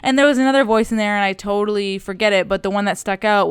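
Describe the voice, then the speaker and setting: Chatty young woman, very crisp voice. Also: fast, hardly any pauses, no echo. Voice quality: high and bright, tinny and loud by her partner's account. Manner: chatty, rambling, playful with her voice. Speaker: podcast co-host. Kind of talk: casual chat. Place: home podcast setup, live-streamed. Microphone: podcast mic, close up.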